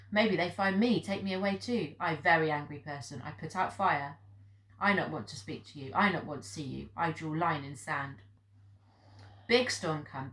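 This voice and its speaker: A woman with a lowish, slightly bright voice reads the part of an old Japanese hermit who speaks blunt, clipped broken English. The room she records in is echoey.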